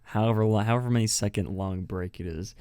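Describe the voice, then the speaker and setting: A man's voice: on the low side, quick pace, mellow, a little hiss or hum. A man from New Mexico hosting a casual podcast, chatty, laughing often and restarting his sentences. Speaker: podcast host.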